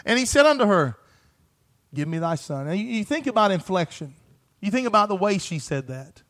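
A man preaching a sermon, reading scripture aloud, asking the congregation questions and building to shouted, repeated refrains. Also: sits high, expressive, a little fast. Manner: preaches with rising, shouted emphasis and repeated phrases.

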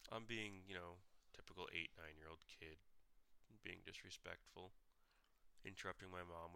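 A man's voice: sits low, gravelly, bright, forceful tone, clean tone. A man hosting a solo podcast, telling personal stories bluntly, with frequent swearing and restarts. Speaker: podcast host.

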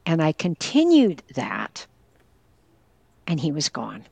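This older interview guest from northwestern Pennsylvania, a caregiver who used to teach, has a deep, husky, darkish voice with vocal fry and huge pitch swings, and she takes it slowly. With no echo, she tells a personal story earnestly and candidly, quoting others directly.

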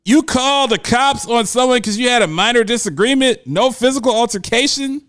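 A man's voice: very high voice, normal speed, a bit bright, no room sound, studio quality. A man giving an impassioned opinion monologue, emphatic, his voice rising when he gets indignant and often repeating words as he starts a thought. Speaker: commentator.

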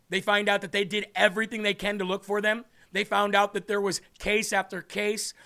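A man's voice: sits high, vocal fry, sharp tone. A man hosting a faith talk show, preaching earnestly and emphatically and repeating phrases for effect.

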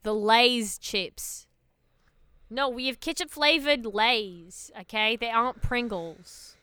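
A woman co-hosting a casual podcast. Her voice is bright and clear, set in a dry, close-miked sound. She argues in a playful, insistent way and laughs easily. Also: fairly high pitch, slow, no room sound. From Canada. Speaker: podcast co-host. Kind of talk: casual chat.

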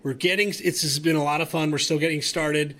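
A man co-hosting a casual sports podcast, excitable and animated, with stammering restarts. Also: on the high side, brisk. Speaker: podcast co-host.

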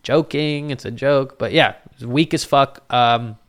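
A young man telling a story to friends, loose and profane, with a medium-pitched voice. He gets animated and slips into voices for the people he quotes. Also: unhurried, smooth. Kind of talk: casual storytelling.

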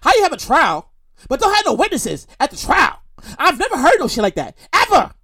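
High, lively man ranting on his show. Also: brisk. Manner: rambling, repetitive, animated outbursts. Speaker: podcast host. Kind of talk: comedic solo monologue.

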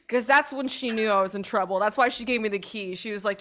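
A woman's voice: mid-range voice, fairly even intonation, fast, fairly bright tone. A woman co-hosting a podcast, telling a long, rambling story in casual chat and swearing freely. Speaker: podcast co-host.

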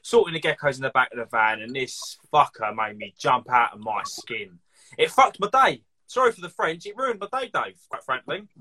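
A man hosting a casual chat, an animated storyteller who laughs and swears freely. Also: medium pitch, moderate pace, slight background noise. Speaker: podcast host.

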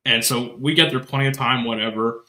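Bright-voiced man telling stories, echoey room. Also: medium pitch, fairly quick. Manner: lively storyteller, swears casually. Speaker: podcast co-host. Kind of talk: casual live chat.

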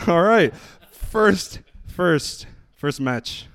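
A man's voice: fairly high pitch, expressive, very slow, fairly bright tone, dry recording. A man hosting a casual sports podcast, upbeat and steering the talk between matches. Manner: leads the talk, upbeat, laughs easily. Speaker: podcast host.

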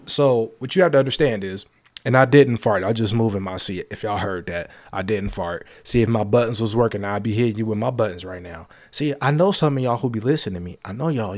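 A man hosting his own show, talking in a casual monologue, emphatic and repetitive, with joking asides. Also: mid-range voice. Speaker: podcast host.

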